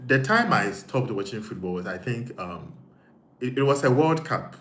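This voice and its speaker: A man's voice: medium pitch, expressive, normal speed, a bit bright. A man with a Ghanaian accent hosting a casual live stream, reading viewer comments and thinking aloud with frequent repeats. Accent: Ghanaian English. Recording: echoey room with faint noise.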